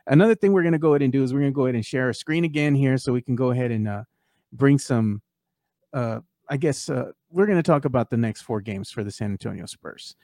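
A man's voice: medium pitch, a little mellow, no echo, clean studio sound. Chatty male sports podcast host. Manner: conversational, many fillers, reads fan posts aloud. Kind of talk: casual sports talk.

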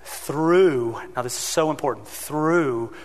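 A man's voice: on the high side, slow, long reverb tail. A man preaching a sermon as pastor, telling stories animatedly and acting out the voices in them. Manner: animated storytelling, acting out his own shouting.

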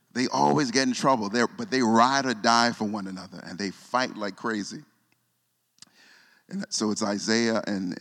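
A man, preaching a sermon and telling a personal story, often repeating himself and dropping soft when moved. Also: fairly low pitch. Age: 40s. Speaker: pastor. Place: church sanctuary. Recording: long hall reverb.

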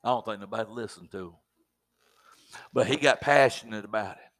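A man's voice: on the low side, a little fast, a bit bright. A man preaching a sermon in a fervent, exhorting way with folksy asides.

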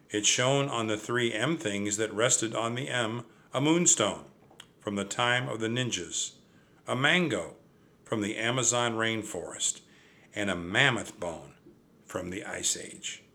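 An older man reading a children's chapter book aloud, with a gentle, reassuring manner. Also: fairly low pitch. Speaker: storybook reader. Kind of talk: children's story read-aloud.

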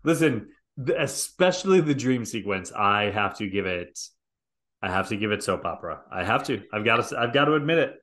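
A man's voice: on the low side, animated, brisk, fairly bright tone. A man co-hosting a podcast, teasing his partner with playful interjections in casual chat. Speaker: podcast co-host.

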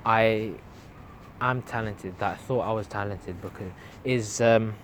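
A young man in his late teens talks straight into his own podcast, earnest and a little rambling as he urges listeners on. His voice sits on the low side. A constant layer of background noise runs under the recording. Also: measured pace, a bit bright. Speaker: podcast host. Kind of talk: solo motivational podcast monologue. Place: at home at night.

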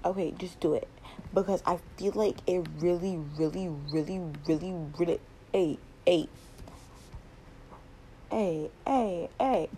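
A woman's voice: fairly low pitch, a little slow, dark tone, a little hiss or hum, poor audio. A teenage girl hosting her first casual podcast late at night at home, rambling and repeating words with a giggly manner, recorded on a laptop mic. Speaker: podcast host.

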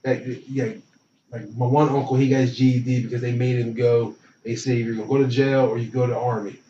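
A man's voice: mid-range voice, fairly quick, far from the mic. Laid-back storyteller man, echoey and muffled. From from a small town. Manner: animated, acts out voices in anecdotes. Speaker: interview guest. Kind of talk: casual storytelling. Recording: roomy, dull and slightly noisy.

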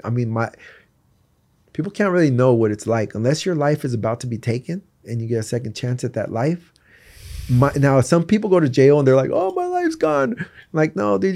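Guest man, earnest testimony; raspy fry and a dark, mellow tone. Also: medium pitch. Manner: earnest, candid storytelling. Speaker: guest sharing his testimony. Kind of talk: personal faith testimony in conversation.

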